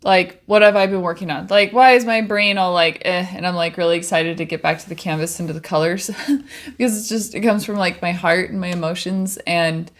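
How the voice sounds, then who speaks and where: Chatting while she paints, a young woman livestreams from her home studio through a desk microphone. Her voice is fairly low, steady, and fairly quick, and her manner is bubbly and rambling as she trails off and restarts.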